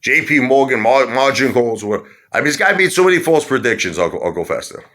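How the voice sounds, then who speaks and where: A man's voice: medium pitch, animated, a little fast, fairly bright tone. A man telling a rambling story to his viewers, stopping often to quote other people. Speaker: YouTuber. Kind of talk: casual rant to camera.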